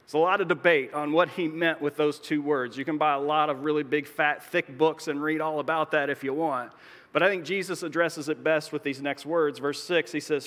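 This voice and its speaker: A man's voice: fairly high pitch, fairly even intonation, a little fast, fairly bright tone. A man pastor preaching a sermon in a conversational, explanatory way, with joking asides. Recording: long reverb of a large hall.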